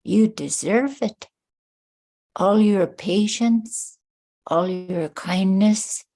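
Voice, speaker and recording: A woman voicing a tiny, kindly old grandmother elder who speaks slowly and coaxingly. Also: medium pitch, warm tone. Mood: gentle advice. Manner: slow, coaxing, motherly.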